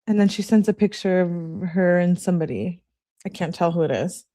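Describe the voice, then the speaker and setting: A woman's voice: lowish voice, moderate pace, warm tone. A woman hosting her channel, reading text messages aloud in a casual way and adding blunt, profane asides while greeting viewers. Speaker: channel host reading case evidence.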